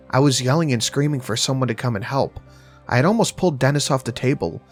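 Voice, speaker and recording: Dude reading a creepy horror story, mid voice, faint music behind. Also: male voice, medium pitch, quick pace. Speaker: narrator.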